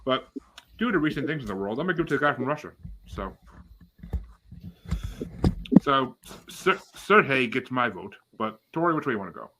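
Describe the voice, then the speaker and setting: A man's voice: medium pitch, sing-song, normal speed, pauses often, background noise. A man hosting a casual podcast, reading out bracket matchups with swearing and dry asides. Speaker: podcast host.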